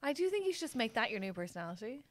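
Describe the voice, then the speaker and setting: A woman's voice: on the high side, sing-song, rapid-fire, no echo. A woman co-hosting a chat podcast, teasing her friend with dry quips. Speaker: podcast co-host. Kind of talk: casual chat.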